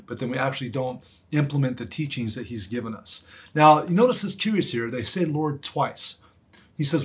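A man's voice: medium pitch, animated, moderate pace, husky. A man preaching a sermon as pastor, in an earnest, emphatic manner that leans on repetition.

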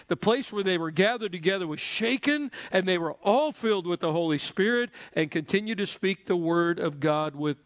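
A man's voice: sits high, a bit bright, no room sound. Joking, conversational male preacher. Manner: joking, conversational, prompts the congregation. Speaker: pastor. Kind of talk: sermon.

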